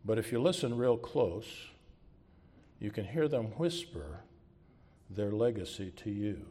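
A man's voice: fairly low pitch, lively intonation, measured pace, long pauses, warm tone. A man preaching a sermon as pastor, asking the congregation rhetorical questions and closing with a prayer. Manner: closes with a spoken prayer.

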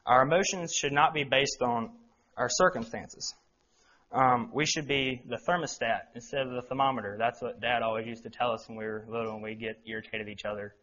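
A young man delivers a sermon earnestly, his voice bright and forward. He stumbles over words now and then and fills gaps with ums. The recording sounds slightly dull and lo-fi. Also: mid-range voice, fairly even intonation, brisk. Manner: earnest, with frequent ums and restarts. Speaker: lay preacher.

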